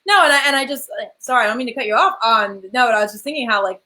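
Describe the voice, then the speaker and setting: Woman, podcast co-host, casual chat, eager, crisp bright tone. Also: fairly high pitch. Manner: eager, restarts and fillers, quick to agree.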